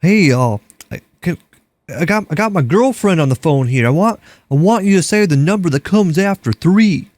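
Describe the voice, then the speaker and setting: A man impersonating an excited Texan man with a thick southern drawl, loud and eager, drawing out his words. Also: high voice, normal speed, no echo, pitched above the performer's own voice. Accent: Texas southern drawl.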